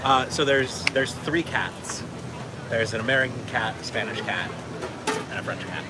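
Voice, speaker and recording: A man's voice: medium pitch, normal speed, over music. A man co-hosting outdoors at a theme park, telling a joke in a dry, self-mocking way. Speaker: co-host. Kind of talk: casual chat. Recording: loud crowd and outdoor noise.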